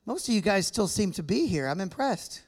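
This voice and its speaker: Pitched high with big swings and a darkish tone, this American man speaks fairly quickly. He's a guest speaker in a church hall with a live audience, chatty and joking as he engages the crowd.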